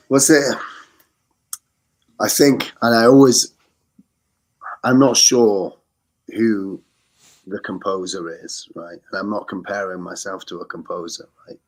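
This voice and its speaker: A very deep-voiced English man talks in a casual podcast interview. He rambles and corrects himself mid-sentence, earnest about why he makes music. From England. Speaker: guest musician.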